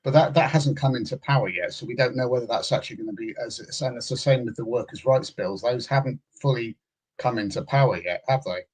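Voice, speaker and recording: Husky man arguing his point. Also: medium pitch, fast talker, a little mellow. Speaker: guest. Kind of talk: casual political debate.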